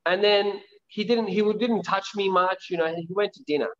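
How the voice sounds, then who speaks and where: A man's voice: sits high, fairly even intonation, moderate pace, a bit bright. Guy rambling thru a story in an interview, keeps restarting, muffled lo-fi audio. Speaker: martial arts teacher being interviewed. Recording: dull lo-fi audio.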